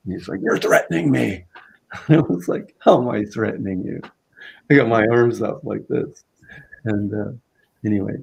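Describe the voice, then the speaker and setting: A man with a low, gravelly voice tells a story as a guest in a relaxed conversation. He speaks in halting, unpolished phrases, circling back with "uh" and restarts as he finds his words. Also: rough recording. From Southern Vancouver Island, Canada. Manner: halting, many fillers and restarts.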